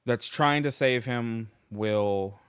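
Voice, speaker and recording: Slow-talking man rambling about anime. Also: medium pitch, clean tone, dry recording, studio quality. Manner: rambling, emotional, with frequent restarts and fillers. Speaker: anime reviewer. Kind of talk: casual vlog commentary.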